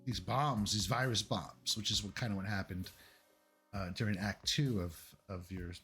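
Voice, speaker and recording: A man acting as game master, explaining the setup in a casual, halting way with many fillers. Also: on the low side, pushed and bright, faint music behind. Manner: hesitant, many fillers and restarts. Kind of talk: casual tabletop game narration.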